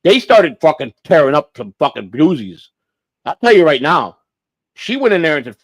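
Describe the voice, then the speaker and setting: A man's voice: a little high, big pitch swings, normal speed, no echo. A man hosting a livestream, telling a long story in a profane, rambling way with lots of restarts. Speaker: livestream host.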